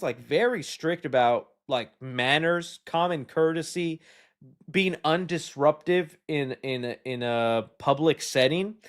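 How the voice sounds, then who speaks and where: A man hosting a casual live stream, answering chat questions in a rambling, jokey and animated way. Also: on the high side. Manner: rambling, animated, jokey, puts on silly voices.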